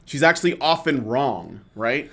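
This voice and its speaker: A man's voice: mid-range voice, expressive, measured pace, sharp tone. A male podcast host in a heated casual rant, swearing often, exasperated, stumbling through fillers and restarts.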